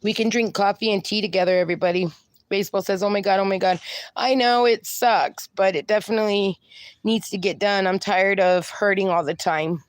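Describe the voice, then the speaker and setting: A woman's voice: medium pitch, fairly even intonation, fairly quick, no echo. Chatty woman live-streaming. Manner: chatty, affectionate, calls viewers darling. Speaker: livestream host. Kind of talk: casual live-stream chat, reading viewer comments aloud.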